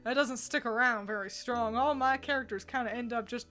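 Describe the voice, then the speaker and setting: A woman's voice: on the high side, brisk, bright, forceful tone, soft background music. A woman streamer chatting casually with her viewers. She rambles and laughs often between thoughts. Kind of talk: casual livestream chat answering viewers.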